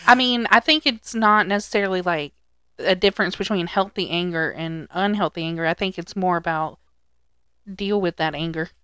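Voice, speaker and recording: Laid-back woman with a smooth voice. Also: fairly low pitch, moderate pace, sharp tone, no echo, clean studio sound. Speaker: podcast co-host. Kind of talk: casual chat.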